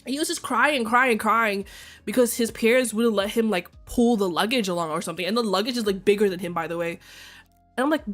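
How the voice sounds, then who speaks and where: A young woman chatting on a stream in a candid, rambling way, swearing freely and now and then jumping into shrill excited bursts. Her pitch sits in an ordinary middle range, and soft music plays faintly behind her. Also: brisk. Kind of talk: casual chat.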